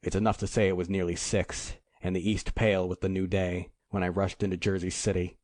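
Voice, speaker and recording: A man reading a first-person crime novel aloud in a measured, dramatic storytelling manner. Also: sits low, flat delivery, a little mellow, no room sound, studio quality. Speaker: audiobook narrator. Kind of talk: scripted first-person narration.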